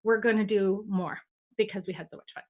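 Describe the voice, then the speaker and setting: A woman hosting a casual talk, telling stories in an animated way and acting out the dialogue. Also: mid-range voice, fairly quick. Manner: animated, acts out quoted dialogue. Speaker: host.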